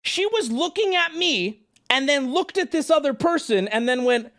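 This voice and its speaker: A male streamer telling a story in casual livestream talk, animated and swearing, rambling with restarts. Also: very high-pitched, normal speed, soft background music.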